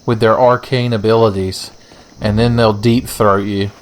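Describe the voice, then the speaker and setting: A man's voice: on the low side, level tone, measured pace, slight background noise. Profane joking young man playing a game. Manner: profane, joking, rambling asides. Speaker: gaming channel host. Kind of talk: casual let's-play commentary.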